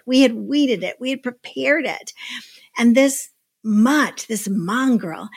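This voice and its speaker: A woman giving a devotional talk, telling a personal story in an expressive, emphatic way. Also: on the high side. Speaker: devotional speaker. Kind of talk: sermon storytelling.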